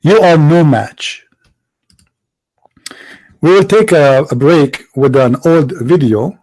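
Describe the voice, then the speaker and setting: A man's voice: a little high, takes it slowly, a little mellow, low-quality recording. A man hosting a heated religious debate, taunting with repeated rhetorical questions. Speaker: debate show host.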